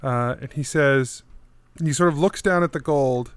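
A man's voice: mid-range voice, unhurried, clear, resonant tone, no echo. A man narrating as game master in a tabletop game, with a hesitant delivery full of fillers.

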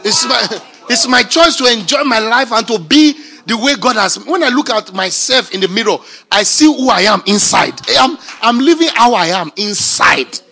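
A male pastor with a high, gravelly voice delivers an emphatic sermon. His tone is bright and edgy, with a raspy grain. He swings between shouted declarations and quiet, conversational asides. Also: animated, normal speed, hardly any pauses.

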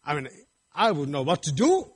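A man's voice: on the high side, huge pitch swings, normal speed, husky. A middle-aged male pastor preaching a sermon, emphatic and full of rhetorical questions.

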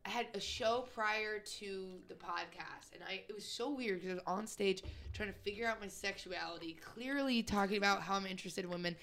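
Bright-voiced woman telling a story. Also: medium pitch, fairly quick, few pauses. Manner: animated, swearing, laughing through the story. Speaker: podcast co-host, comedian. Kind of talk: casual storytelling chat.

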